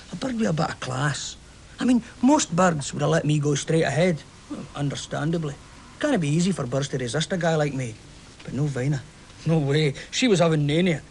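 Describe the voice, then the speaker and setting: An actor with a Glaswegian Scottish accent playing a chatty, romantic football fan who tells a story with lively swings into hushed tones. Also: male voice, a little high, brisk, vocal fry, slight background noise. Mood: warm storytelling. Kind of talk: stage play acting.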